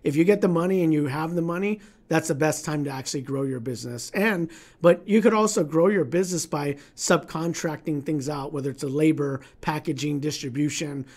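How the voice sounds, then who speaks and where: A middle-aged man on a casual livestream, his voice sitting a bit high for a man. He talks bluntly and swears easily, acting out the voices in his head as he tells a story. Then he turns to plain business advice for his viewers. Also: a little fast, few pauses. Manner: blunt, profane, storytelling with acted inner dialogue.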